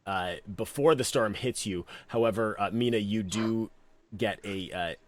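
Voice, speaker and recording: Brief man, game master, low voice, easygoing rambling narration. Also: a little slow. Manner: relaxed, meandering narration with many fillers.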